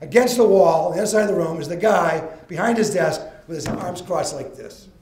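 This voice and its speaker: An older man giving a motivational storytelling talk to a live audience, with a folksy, animated delivery. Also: high-pitched, a little fast, a little hiss or hum. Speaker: motivational speaker. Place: event room. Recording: roomy live event recording.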